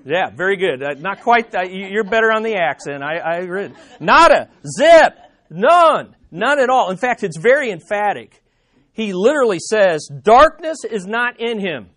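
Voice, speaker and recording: Male pastor, sermon delivery, high voice, very animated pitch, emphatic with repeated key lines. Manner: slows down on key statements.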